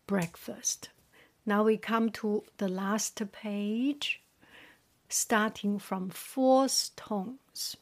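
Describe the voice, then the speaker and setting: Slow, soft-spoken woman drilling tones. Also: mid-range voice, steady tone. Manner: soft, often whispered, repeats each word then translates. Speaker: Mandarin teacher. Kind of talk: slow tone-drill lesson, reading word pairs.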